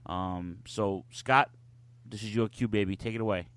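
A man's voice: on the low side, fairly even intonation, moderate pace, a bit bright, clear, resonant tone, dry recording. Male podcast co-host, blunt ranting talker, cursing, dry close mic. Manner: blunt, swears freely, ranting. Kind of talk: casual podcast chat.

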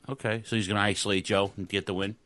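A man's voice: lowish voice, little pitch movement, fast talker, fairly bright tone. A man co-hosting a casual wrestling podcast, joking and prodding the others into the mic. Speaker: podcast co-host. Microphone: studio microphone.

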